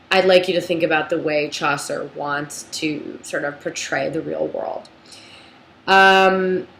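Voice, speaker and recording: A young woman with a low voice gives a lecture at a slow, deliberate pace, stopping often to restart her sentences. Her voice rings in an echoey room with a faint hum of ambience behind it. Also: fairly bright tone. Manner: unhurried, thoughtful, with many ums and restarts. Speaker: literature teacher. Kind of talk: recorded lecture with a read-aloud passage.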